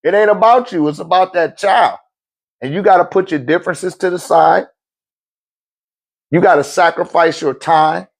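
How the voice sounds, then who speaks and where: A man's voice: high voice, moderate pace, vocal fry, pauses often. A middle-aged man, giving blunt, profane life advice in a casual monologue and laughing often.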